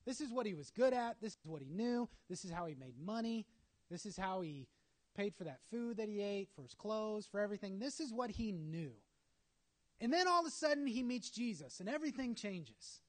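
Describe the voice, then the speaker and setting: A man's voice: high-pitched, sing-song, moderate pace. A man preaching a sermon, telling a story dramatically with acted asides.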